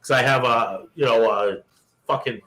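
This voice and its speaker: A young adult man, a podcast co-host, telling a profane, animated story and acting out the quoted lines in casual chat. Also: medium pitch, normal speed, low-quality recording.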